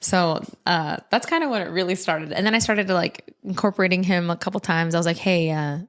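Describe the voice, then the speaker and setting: Young woman comic guest, lower-pitched, lively storyteller who laughs a lot. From United States. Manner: animated storyteller, laughs often, quick asides. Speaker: comedian and content creator guest. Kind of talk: casual podcast chat.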